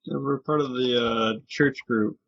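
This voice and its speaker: Male player, flat and tentative, dull lo-fi sound from the mic. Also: mid-range voice, measured pace. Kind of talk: tabletop game chat.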